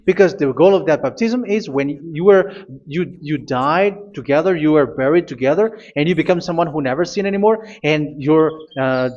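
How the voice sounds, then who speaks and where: Man preaching a sermon, slightly raised pitch. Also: darkish tone, muffled recording. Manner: halting, repeats phrases, reads scripture aloud.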